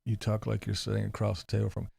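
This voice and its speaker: A man's voice: lowish voice, completely flat delivery, fast talker, creaky, a little mellow, husky, no room sound. A man hosting a casual livestream, reading comments and answering with rambling, sarcastic asides, speaking close into a desk mic. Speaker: livestream host. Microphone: close desk mic with headphones.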